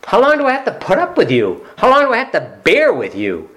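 A preacher putting on a frustrated male teacher who fires off loud, rebuking questions at his followers. The pitch climbs well above his speaking voice. He pushes harder and louder with each question. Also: wildly swooping pitch, a little fast, full character voice, poor audio. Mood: angry rebuke.

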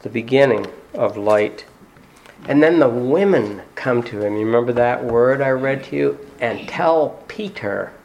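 A male pastor gives a sermon in an easygoing, conversational manner. He is mid-pitched and often pauses on "uh." He turns to his listeners with direct rhetorical questions. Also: a little mellow, highs cut off, a little hiss or hum. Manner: frequent "uh" fillers.

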